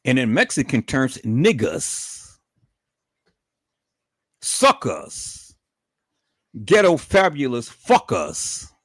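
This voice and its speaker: A man's voice: mid-range voice, wildly swooping pitch, extremely slow, long pauses, no echo, studio quality. A middle-aged man ranting angrily on a livestream, swearing freely, stumbling over repeated words and calling out to his viewers. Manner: profane, indignant, calls the audience "peoples"; repeats words when worked up, swings to loud outbursts. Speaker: livestream commentator. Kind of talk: angry ranting livestream commentary.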